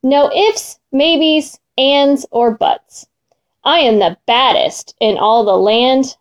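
A woman's voice: high-pitched, slow. A woman voicing a boastful male lion king who chants his lines in rhythmic verse during a storybook reading.

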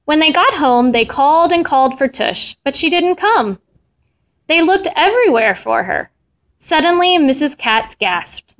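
A woman reading a children's story aloud with an expressive, melodic delivery. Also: high voice, a little slow. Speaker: storybook reader.

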